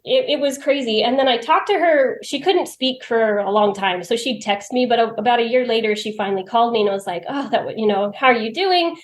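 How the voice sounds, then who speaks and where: A woman's voice: a little high, a little fast, few pauses. A woman telling personal stories as a podcast guest. She is chatty, laughs often and acts out what she said to herself. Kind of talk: personal storytelling in conversation. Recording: roomy echo.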